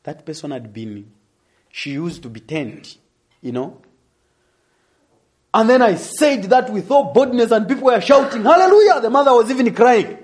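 A young adult man telling a testimony in a sermon, animated and laughing as he tells the story. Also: high voice, unhurried, pauses often. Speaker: preacher.

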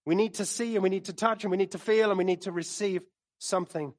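A man preaching a sermon in a church, animated and storytelling, speaking into a microphone. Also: sits high, fast. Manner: animated, storytelling, acts out quotes with laughs. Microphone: microphone he moves around while preaching.

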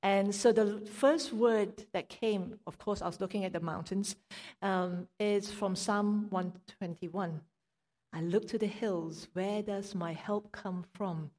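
Woman giving a sermon, earnest and reflective, goes soft and hushed sometimes, long echo like a big hall. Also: mid-range voice, steady tone, slow pace. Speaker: preacher.

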